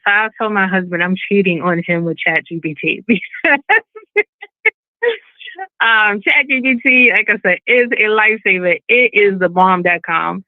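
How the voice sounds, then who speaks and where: A woman's voice: medium pitch, normal speed, dry recording. A woman giving a casual online presentation as a business owner, chatty and full of fillers, acting out quoted voices. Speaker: webinar presenter and balloon event business owner. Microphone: video call. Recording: phone-like webinar audio, dry.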